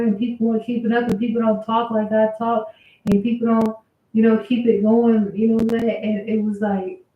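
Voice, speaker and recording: A woman telling a casual storytime about her workplace, venting in an aggrieved, conversational way with some swearing. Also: a little high. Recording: roomy, phone-like thin sound.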